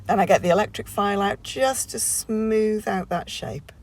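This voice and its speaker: A woman narrates a nail tutorial at home in a casual voiceover. Her voice has a gravelly, fry-touched texture. She rambles chattily, full of ums and restarts. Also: medium pitch, normal speed.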